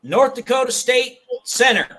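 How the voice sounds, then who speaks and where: A man's voice: very high-pitched, expressive, measured pace, bright, forceful tone, low-quality recording. A man hosting a fan live stream, chatting casually about football and laughing as he retells movie scenes. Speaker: fan show host.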